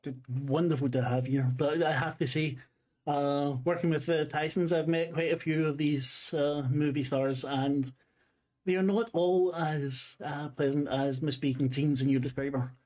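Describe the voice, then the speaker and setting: A man's voice: fairly high pitch, fairly even intonation, moderate pace, darkish tone, close to an everyday voice. A man playing a fawning seance host. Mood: gushing. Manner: gushing and overly polite. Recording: dull lo-fi online audio.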